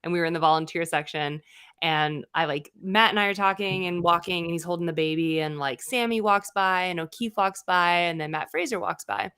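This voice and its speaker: A woman in her thirties co-hosting a podcast, telling stories in an animated way and laughing often. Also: on the low side, brisk, clean tone, no echo, studio quality. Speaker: podcast co-host. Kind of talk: casual podcast chat.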